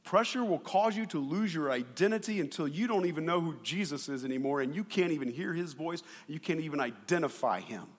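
A male pastor preaching a sermon in a playful, animated way, acting out voices. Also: a little high, fairly quick, few pauses, long reverb tail.

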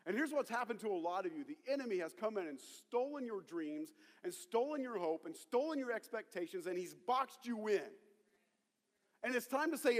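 Man, pastor, high voice, fiery sermon, crowd-rousing, long hall reverb. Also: animated, moderate pace. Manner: fiery, rallies the congregation to shout back. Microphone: handheld or stage mic.

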